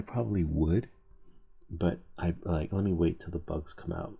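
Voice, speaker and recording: Low gravelly-voiced man, rambling chat. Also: normal speed, muffled recording. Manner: loose, chatty, swears casually, laughs at himself. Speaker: DIY tech channel host.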